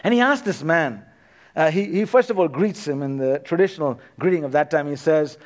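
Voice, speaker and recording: A man preaching a sermon as pastor, swinging between loud emphatic passages and a hushed, quiet close. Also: on the high side, expressive, brisk.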